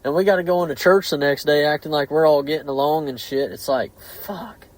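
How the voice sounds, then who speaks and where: A man's voice: on the high side, fairly quick, dry recording, poor audio. Blunt, foul-mouthed man. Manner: heavy swearing, heated and blunt. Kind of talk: casual podcast chat.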